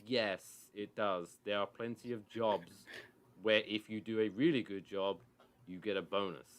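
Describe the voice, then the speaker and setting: A man with a fairly low voice co-hosts a football podcast, talking in a loose, rambling way. He retells arguments with a mocking edge, and his voice comes through a video call. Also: steady tone, a little slow. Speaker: podcast co-host. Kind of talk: casual football chat.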